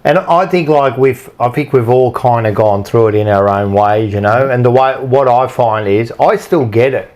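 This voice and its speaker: Male co-host, mid-pitched, rambling casual chat. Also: moderate pace, few pauses, darkish tone. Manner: rambling, frequent "you know what I mean". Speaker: podcast co-host.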